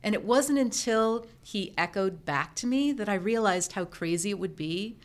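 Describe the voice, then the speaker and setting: Here the interview guest, a middle-aged former professional organizer now running her own business, talks at normal speed in a mid-range voice. Her telling is relaxed and animated as she performs the exchanges she recalls.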